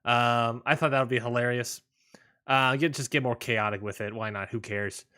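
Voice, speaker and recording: Male podcast co-host, bright forward tone, loose rambling recap style. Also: mid-range voice, steady tone. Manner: rambling, lots of fillers and restarts, quick laughs. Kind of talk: casual wrestling podcast chat.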